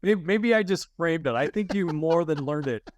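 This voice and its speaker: A man's voice: a little high, animated, normal speed, dry recording. A middle-aged man, a guest on a podcast, giving short, wry replies in casual chat.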